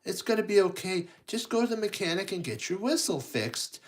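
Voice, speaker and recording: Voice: mid-range voice, animated, a little fast, pitched above the performer's own voice, lightly acted. Kindly male storybook boss, cheerful pep-talk delivery from a read-aloud host. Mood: encouraging. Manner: encouraging, upbeat. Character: reassuring male railway boss.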